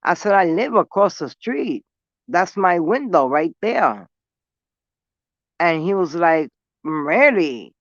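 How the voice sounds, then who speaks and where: A woman's voice: lowish voice, sing-song, slow pace, long pauses, no echo, dull audio. A woman from New City, telling a story in blunt, profane street talk while smoking. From New York City. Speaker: vlogger. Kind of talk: casual storytelling.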